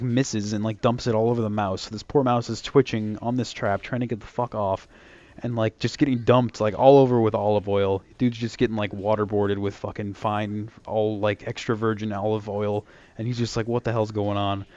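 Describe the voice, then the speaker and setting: A man's voice: on the low side, little pitch movement, normal speed, warm tone, lo-fi sound. A young man casually telling a long story, full of fillers and restarts, acting out the quoted lines. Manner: rambling, lots of fillers and restarts; acts out quoted lines in a raised voice.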